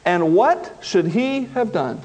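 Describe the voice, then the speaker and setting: A male pastor preaching a sermon in an animated way, acting out the quoted voices. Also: high-pitched, takes it slowly.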